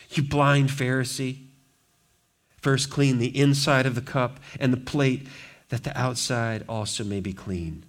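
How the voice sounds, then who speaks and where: Male pastor, sermon delivery, average pitch, emphatic with loud-soft swings. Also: fairly even intonation, unhurried. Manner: emphatic preaching, swinging between loud declarations and quiet asides.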